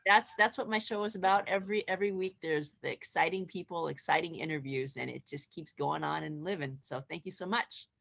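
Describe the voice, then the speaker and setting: A woman on a group video call talks up her own show with enthusiasm. Her voice is low and gravelly. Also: a little fast, hardly any pauses, fairly bright tone. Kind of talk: casual video call chat.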